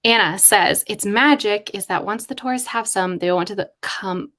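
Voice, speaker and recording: A woman writer chatting casually on a live stream, thinking aloud in a rambling way with quick asides. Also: mid-range voice, fairly bright tone. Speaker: writer livestreaming with chat.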